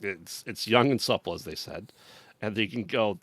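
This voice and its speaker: A man's voice: lowish voice, normal speed, a bit bright, no room sound. A man co-hosting a podcast, recapping a movie in casual chat, rambling and laughing often as he paraphrases characters. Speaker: podcast co-host.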